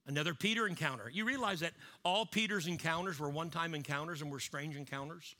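A man preaching a sermon, swinging from loud emphatic lines down to low, hushed ones. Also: fast talker. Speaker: pastor.

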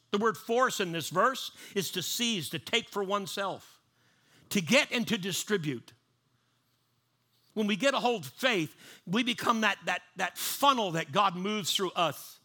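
A male preacher with a high, very bright and piercing voice. He talks to his congregation like a neighbor, circling back over his words and restarting sentences before he drives a point home. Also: expressive, measured pace. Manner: conversational, repeats and restarts, acts out panicked voices. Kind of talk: sermon.

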